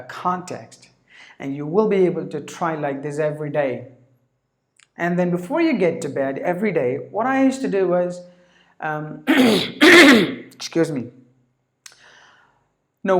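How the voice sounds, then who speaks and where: A man teaching a spoken lesson. He talks slowly and carefully, sets out single words one at a time, and often clears his throat. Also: a little high. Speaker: English teacher. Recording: echoey room.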